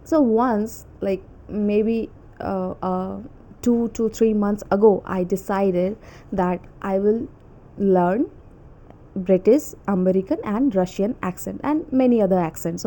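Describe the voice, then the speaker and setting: Chatty young woman, mellow voice. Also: medium pitch. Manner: chatty, nervous, frequent "okay?" and "like". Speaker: English learning channel host. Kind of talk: casual self-made pronunciation lesson.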